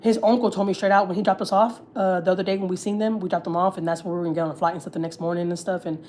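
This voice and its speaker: Lady in her 30s spilling gossip live, cusses a lot, keeps restarting, kinda low voice. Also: little pitch movement, very fast, darkish tone, slight background noise. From Houston, Texas. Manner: rambling, repeats herself, swears freely. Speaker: livestream host. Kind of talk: casual gossip livestream chat.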